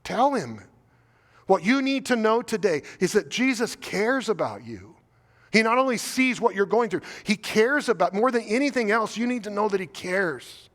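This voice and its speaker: A man's voice: sits high, big pitch swings, normal speed, long reverb tail. A man with an American accent preaching a sermon as pastor, earnest and pleading, piling up rhetorical questions and repeating his words. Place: church sanctuary.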